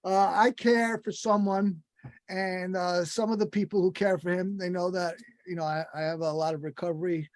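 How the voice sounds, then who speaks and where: A man hosting a podcast interview over a video call, speaking haltingly with many fillers and restarts. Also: high-pitched, level tone, dry recording. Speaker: podcast host.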